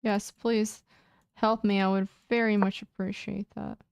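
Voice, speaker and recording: A woman's voice: mid-range voice, little pitch movement, unhurried, creaky, darkish tone, clean tone, dry recording, studio quality. A young woman streaming chess, muttering anxious, casual commentary to herself and repeating words as she plays. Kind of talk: casual live-stream commentary while playing.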